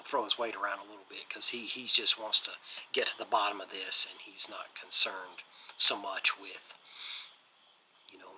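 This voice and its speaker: Man, movie review host, casual rambling, very bright sharp tone, faint background noise. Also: mid-range voice, rough recording. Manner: rambling, enthusiastic, many fillers.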